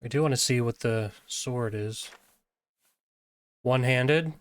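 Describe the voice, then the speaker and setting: A man's voice: medium pitch, slow, clean tone. A man streaming a fantasy video game, chatting casually and laughing easily as he plays. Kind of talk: casual gameplay commentary.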